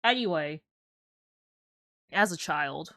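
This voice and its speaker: A woman's voice: sits low, lively intonation, slow, sharp tone, dry recording, clean studio sound. A young woman streamer chatting casually while she plays, rambling through stories and saying "like" a lot. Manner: rambling storyteller, heavy use of "like". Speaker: game streamer. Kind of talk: casual chat while gaming.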